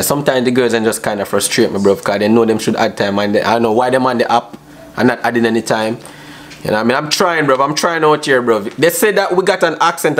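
A man, a vlogger teasing strangers on a video chat app with brash, slangy banter. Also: mid-range voice. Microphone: phone on a video call app. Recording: noisy phone recording.

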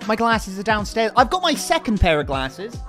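A young man chatting on a live stream, excitable and hyped, often repeating himself. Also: sits high, moderate pace, soft background music. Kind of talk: casual live-stream chat.

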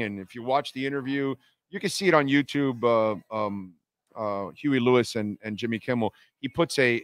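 A man's voice: mid-range voice, a bit bright, dry recording. A man hosting a sports talk radio show, talking bluntly in a rambling monologue full of fillers and restarts. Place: casino venue, live broadcast.

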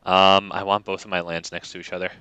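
A man's voice: low voice, flat delivery, fast talker, pushed and bright, smooth, muffled recording. A man streaming a card game who rambles in casual commentary, swearing freely and restarting his sentences often. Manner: rambling and profane, frequent restarts.

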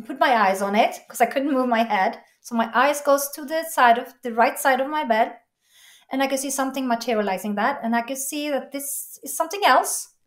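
A woman interview guest telling a personal story in an earnest, emotional way, halting and restarting. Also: high-pitched.

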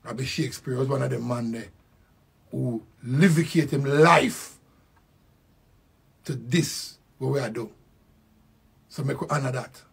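Gravelly older Jamaican man, husky. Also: mid-range voice. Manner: slow, reflective, with repeated phrases. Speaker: musician. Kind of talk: spoken tribute.

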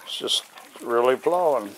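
Man coaxing puppies, unhurried. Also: medium pitch, a bit bright, slight background noise. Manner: talks to the dogs in a raised, coaxing voice. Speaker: dog owner filming puppies. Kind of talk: casual talk to puppies while filming.

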